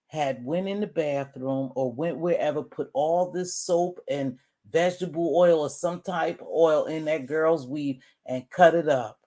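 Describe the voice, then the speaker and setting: Chatty woman in her sixties. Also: low-pitched. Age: 60s. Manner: animated, chatty, calls listeners "baby" and "y'all". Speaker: guest telling a family story. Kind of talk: casual storytelling to a live audience.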